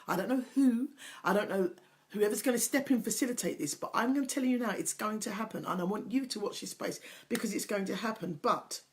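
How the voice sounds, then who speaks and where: A woman's voice: mid-range voice, quick pace. Earnest middle-aged woman coaching viewers. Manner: earnest, emphatic, repeats key phrases; openly emotional, personal. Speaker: host, confidence coach. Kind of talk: motivational talk to viewers.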